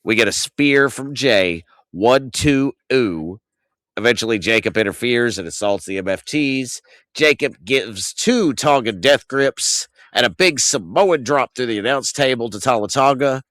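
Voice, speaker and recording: A man's voice: unhurried, no room sound, clean studio sound. A man in his thirties hosting a casual wrestling recap, ranting with exasperated, profane energy. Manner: animated ranting, swings loud and high when outraged. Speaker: podcast host.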